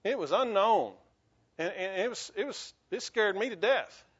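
A pastor with a twang delivers an earnest sermon in a notably high voice, circling back over his words before pushing into emphatic bursts. The recording sounds dull and somewhat lo-fi. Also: expressive, normal speed, a bit bright, husky. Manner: earnest, repetitive restarts, rising to emphatic bursts.

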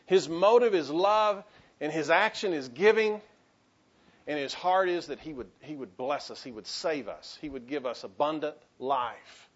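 A man's voice: a little high, lively intonation, unhurried, muffled recording. A man, a pastor delivering an impassioned sermon full of restarts and calls to the congregation. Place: church sanctuary.

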